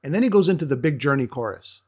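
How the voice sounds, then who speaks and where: A man with a somewhat high speaking voice eagerly walks through a song's music in casual review chat. He explains things step by step and stumbles over his words now and then. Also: animated, quick pace, a little mellow. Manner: enthusiastic, explains the music, stammers at times. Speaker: co-host of a metal music show.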